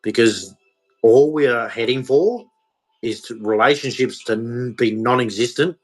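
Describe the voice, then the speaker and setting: A man's voice: medium pitch, a bit bright, low-quality recording. A man, ranting in an emotional monologue to camera, repeating himself as he goes. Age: 40s. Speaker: vlogger.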